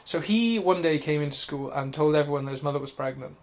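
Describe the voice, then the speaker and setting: A man's voice: fairly high pitch, fast. Joking male podcast co-host. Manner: joking, riffing storyteller. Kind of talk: casual comedy podcast chat.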